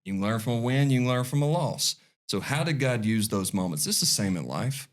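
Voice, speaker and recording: A man's voice: medium pitch, expressive, a little fast. A man in his forties, a podcast guest, telling a heartfelt personal story in an earnest, folksy way, often restarting his phrases. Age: 40s.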